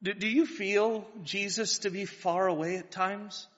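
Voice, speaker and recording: A man's voice: high voice, fairly even intonation, measured pace, fairly bright tone. A man preaching a sermon, earnest and building to fervent pleas, asking his listeners questions. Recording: dull lo-fi sound with long hall reverb.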